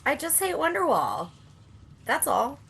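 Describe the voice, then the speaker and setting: A woman's voice: high voice, wildly swooping pitch, measured pace, creaky, fairly bright tone. A woman in a casual podcast chat, blunt and dry, swearing freely.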